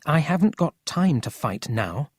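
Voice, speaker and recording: A narrator voicing a quick-tempered, earnest country boy in a storybook reading. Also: mid-range voice, sing-song, a little mellow, husky, no room sound, clean studio sound, pitched above the performer's own voice.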